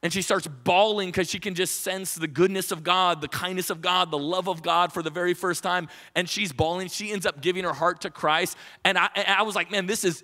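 On a church stage, a pastor preaches in a high, ringing voice, talking to the congregation as if to friends. He's animated, often restarts his thoughts, and acts out quotations as he goes.

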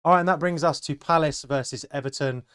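A man co-hosting a casual football chat, easygoing and quick to laugh. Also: on the high side, a crowd in the background. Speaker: football podcast co-host.

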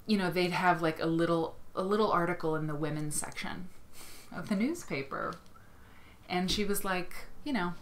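Excitable rambling woman streamer. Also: low voice, slight background noise. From Iowa. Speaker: livestream host. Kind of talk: casual livestream chat.

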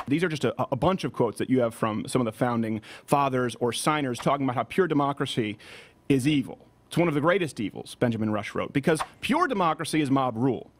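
A man in his thirties hosting a political commentary show, delivering a sarcastic, combative rebuttal. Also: fairly high pitch. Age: 30s.

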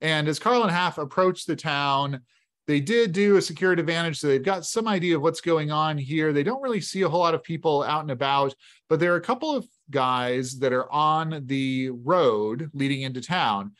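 A man narrates a solo tabletop adventure in a relaxed, chatty way. His speaking voice sits on the higher side for a man. He moves between describing the story and explaining his dice rolls. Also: moderate pace. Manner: casual, conversational. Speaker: game master playing solo.

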